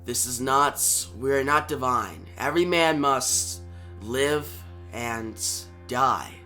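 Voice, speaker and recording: A man reading out the soft lines of a gentle old priest near death. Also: slow pace, faint music behind. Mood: gentle, fading. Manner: soft, low, quiet reading. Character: dying old male priest, gentle and calm.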